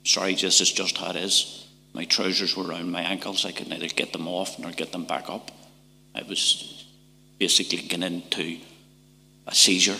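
Gravelly Northern Irish man in a church. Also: sits low, bright, forceful tone. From Northern Ireland. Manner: halting and emotional, with repeated words and whispered passages. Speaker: testimony speaker. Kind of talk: church testimony. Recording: church hall reverb.

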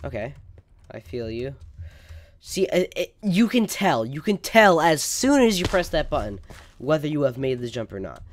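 A man with a voice on the high side and big pitch swings hosts casual gameplay commentary at a moderate pace, stammering and melodramatically overreacting. He sometimes leans away from his desk mic, and there's slight background noise.

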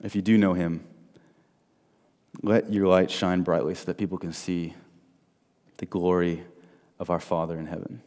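A man preaching an evangelistic sermon, telling stories and swinging between loud and soft. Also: low voice, little pitch movement, moderate pace, pauses often. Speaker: guest speaker. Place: large church hall. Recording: long hall reverb.

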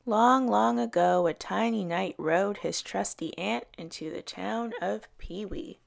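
A woman educator reading picture books aloud for young children at story time, slow and expressive, with soft voices for the characters. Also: medium pitch, gravelly. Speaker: early years educator.

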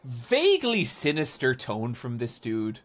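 A man's voice: medium pitch, wildly swooping pitch, unhurried. A man in his thirties hosting a podcast in casual chat, rambling, self-mocking and swearing freely. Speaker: podcast host. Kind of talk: casual chat playing a game.

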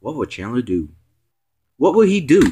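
Sitting in as a stand-in vlog host, this man rants to viewers in a rambling, teasing way, his pitch swooping around. He sounds very animated yet mellow, moving at a moderate pace over slight background noise.

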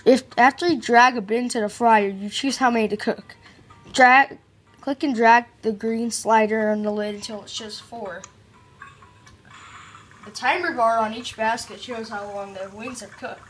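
Slow, playful woman gaming commentator. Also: on the high side. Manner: playful, jokey, reads on-screen tutorial text aloud. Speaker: gameplay commentator. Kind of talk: casual let's-play commentary.

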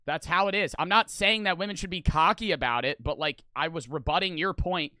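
A man's voice: fairly high pitch, brisk, bright, forceful tone, no echo, studio quality. A young man giving rambling, argumentative reaction commentary, swearing often and restarting his sentences. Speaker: online reaction streamer.

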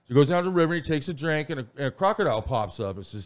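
A man's voice: on the high side, big pitch swings, very fast. A man chatting casually as a podcast guest, rambling and telling crude stories. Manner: rambling storyteller, crude humor.

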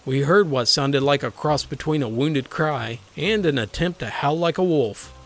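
A woman's voice: low voice, moderate pace, soft background music. Wry, dramatic storyteller woman. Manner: wry, dramatic mock-epic telling. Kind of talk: scripted story narration.

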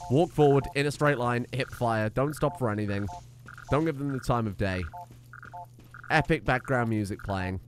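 A man's voice: medium pitch, moderate pace. A man giving wry, chatty let's play commentary, swearing casually. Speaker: gaming streamer.

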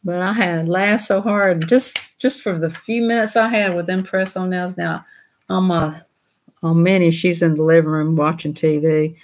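A woman chats casually with her livestream viewers in a folksy, rambling way. Her voice sits slightly low, and she laughs easily. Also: steady tone, moderate pace. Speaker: livestream host.

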